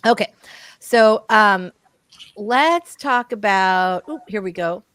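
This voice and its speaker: A woman's voice: medium pitch, expressive, slow, fairly bright tone, smooth, no echo. A woman co-hosting a casual writing livestream, bubbly and chatty with lots of enthusiasm.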